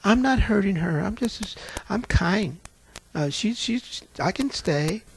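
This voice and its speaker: A deceiving demon, sweet and demure, as a preacher puts it on. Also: male voice, sits high, lively intonation, measured pace, gravelly, a little hiss or hum, heavily acted. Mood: sweetly demure. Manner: soft, sweet-sounding, feigned innocence. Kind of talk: sermon.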